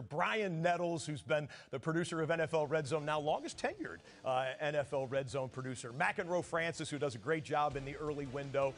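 A man hosting a live sports broadcast from a TV studio, signing off with emphatic, effusive announcer delivery. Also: fairly high pitch. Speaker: sports TV host.

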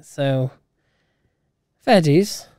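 A podcast co-host in casual chat, reading items out with giggly, quick laughing asides. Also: mid-range voice, animated, mellow, no echo, clean studio sound.

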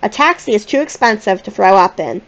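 A woman's voice: medium pitch, expressive, fairly quick, dull audio, lightly acted. A woman voicing a sick, tearful young schoolgirl who speaks in a weak, quavering voice. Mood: determined.

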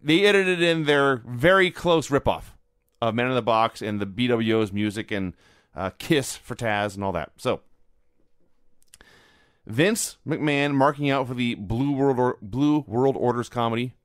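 A man's voice: mid-range voice, unhurried, clean tone, no echo. A man co-hosting a podcast, recapping matter-of-factly in a dry tone. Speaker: podcast co-host. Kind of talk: casual chat reviewing old wrestling.

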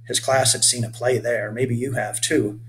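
A man's voice: medium pitch, steady tone, normal speed, fairly bright tone, slight background noise. An older man, the author, reading his children's story aloud and stopping now and then to explain things to young listeners.

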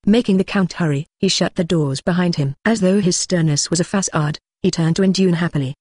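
A synthetic-sounding audiobook narrator reading a fantasy novel in an even, steady way. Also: medium pitch, a little fast, hardly any pauses, no echo. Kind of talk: scripted narration.

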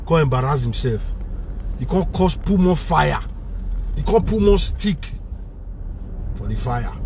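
A man's voice: medium pitch, a little mellow, slight background noise. A man with a Nigerian Pidgin English accent delivering a heated, repetitive political rant, switching between Pidgin and English. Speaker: vlogger.

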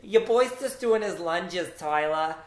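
A man putting on a loud, boastful guy with a put-on New Jersey accent. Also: animated, a little slow. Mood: brash. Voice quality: high, loud, drawn out. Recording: roomy echo.

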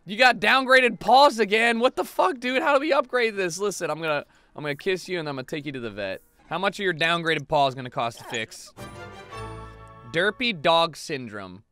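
A young man giving casual, swearing let's-play commentary on a life-sim game, excitable and given to shouting at the screen. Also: sits high, no echo. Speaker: gaming video host.

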